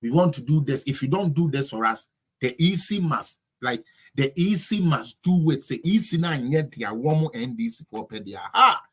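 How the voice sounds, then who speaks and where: A man's voice: on the high side, lively intonation, moderate pace, fairly bright tone, slightly rough. A man with a Ghanaian accent delivering a heated, mocking political commentary rant.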